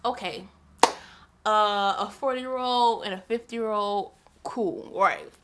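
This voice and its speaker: A woman's voice: mid-range voice, slow, background noise. A young woman vlogging about books in casual chat, chatty and repeating herself with lots of fillers. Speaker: book vlogger.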